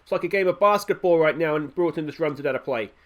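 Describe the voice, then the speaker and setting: A man's voice: fairly high pitch, quick pace. Chatty man calling a football game. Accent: Australian. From Australia. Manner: chatty, self-mocking, calls play like a commentator. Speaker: gaming YouTuber. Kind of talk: let's play commentary.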